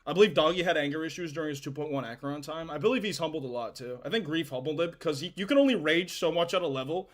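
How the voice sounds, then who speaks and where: A man's voice: a little high, lively intonation, fast talker, few pauses. A young man casually chatting while livestreaming a game, rambling in slang and swearing freely. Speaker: game streamer.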